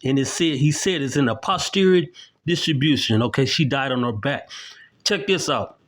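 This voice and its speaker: A middle-aged independent video commentator speaks to camera with emphatic, indignant accusations, showing documents as he explains them and constantly tagging on "okay?". His voice is medium-pitched and a bit bright, at a normal pace.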